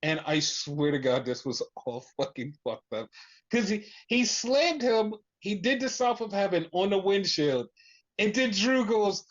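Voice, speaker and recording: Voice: medium pitch, a little slow, dull audio. A podcast host recapping in casual chat, swearing freely and acting out quotes. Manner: profane, animated retelling with voiced quotes.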